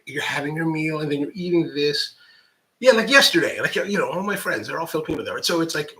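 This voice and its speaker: Bright rambling American man. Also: on the high side, rough recording. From United States. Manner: rambling, lots of "like" and restarts; candid and self-deprecating. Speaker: coffee professional and channel host. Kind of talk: casual chat to camera.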